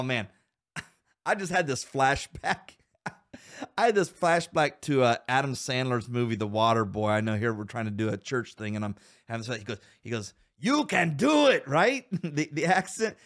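A man hosting a Christian men's podcast, earnestly exhorting listeners with rhetorical questions and calling them guys. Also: mid-range voice. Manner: calls listeners guys and men. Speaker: podcast host.

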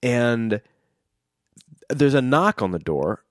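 A man's voice: mid-range voice, very animated, slow, no echo, studio quality. A young adult man telling a long family story in casual chat, rambling with fillers and restarts.

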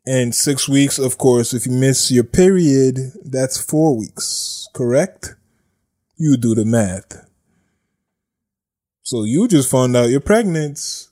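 A man's voice: mid-range voice, animated, slow pace, dark tone. A man hosting a podcast, giving blunt, sarcastic casual commentary on news, repeating himself and laughing at his own jokes. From United States. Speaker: podcast host.

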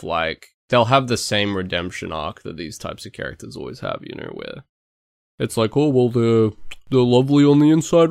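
A man's voice: fairly low pitch, creaky, dry recording, studio quality. A man co-hosting a podcast, chatting casually and complaining bluntly, swearing now and then. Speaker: podcast co-host.

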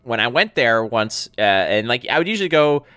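A man hosting a podcast, telling stories in a casual, animated way with many fillers. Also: medium pitch, fairly quick, smooth, no room sound. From Canada. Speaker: podcast host.

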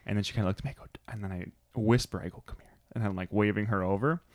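A man in his thirties co-hosting a podcast, telling a relaxed story in casual chat. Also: fairly low pitch, very fast, no echo. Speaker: podcast co-host.

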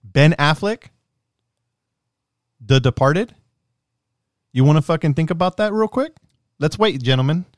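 Animated swearing man in casual chat. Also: on the high side, measured pace, pauses often, no echo, clean studio sound. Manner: animated, swears a lot, laughs often. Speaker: podcast co-host.

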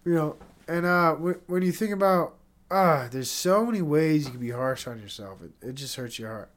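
A man's voice: fairly high pitch, moderate pace. A congested man hosting his own podcast, rambling in a casual solo monologue, self-critical and swearing often. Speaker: podcast host.

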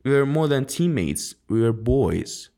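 A man's voice: mid-range voice, sing-song, a little slow, gravelly, dark tone, voice pushed up. A man voicing a wounded teenage football captain in a book reading, speaking earnestly. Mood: hurt. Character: hurt teen boy football captain.

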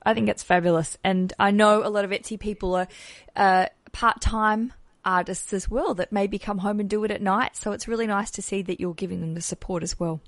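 A woman's voice: medium pitch, fairly even intonation, a little fast. A woman hosting a wedding podcast, chatting in a bubbly, effusive way. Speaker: podcast host. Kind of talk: casual podcast chat.

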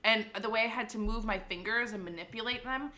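Bright young woman with an excitable, swearing story. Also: fairly high pitch, brisk. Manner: excitable, swears freely, laughs through the story. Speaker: podcast co-host. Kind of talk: casual storytelling chat.

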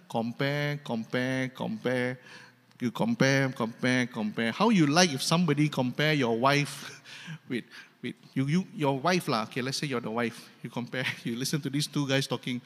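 A man's voice: mid-range voice, normal speed, fairly bright tone. A male pastor with a Malaysian English accent preaching a sermon in an emphatic, repetitive, humorous way. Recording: long hall reverb.

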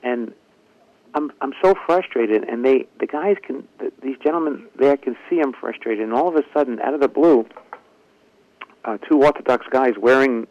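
A ventriloquist-comedian with a mid-range voice speaks at a normal speed over dull audio. Being interviewed, he tells a long, lively anecdote and acts out what each person in it said.

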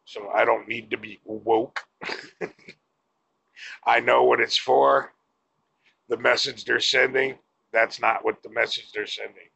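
Gravelly husky guy venting straight to camera, cussing a lot. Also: medium pitch, flat delivery, slow, long pauses, bright, forceful tone, dull audio. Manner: blunt, profane, exasperated. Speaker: vlogger. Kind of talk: opinion rant to camera.

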